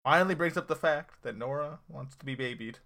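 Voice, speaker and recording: Young man with a bright, sharp voice. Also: fairly high pitch, brisk, vocal fry. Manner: opinionated, dry, trailing off. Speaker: podcast co-host. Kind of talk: casual TV recap chat.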